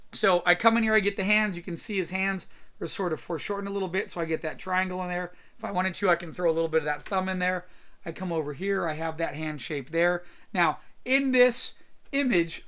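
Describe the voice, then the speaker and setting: Upbeat man explaining a drawing demo. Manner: casual, energetic explaining with filler words like boom and right. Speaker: drawing instructor. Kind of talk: screen-recorded drawing demo. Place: at his computer.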